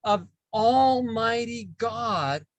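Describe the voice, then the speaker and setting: A man hosting a casual spiritual discussion, talking haltingly and repeating words as he thinks. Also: extremely high pitch, expressive, dry recording, low-quality recording. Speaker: podcast host.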